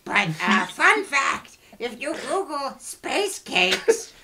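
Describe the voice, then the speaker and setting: A man voicing a goofy, excitable male dog, reading out a fan question in character with a dopey, drawn-out delivery. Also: extremely high pitch, noisy background, heavily acted.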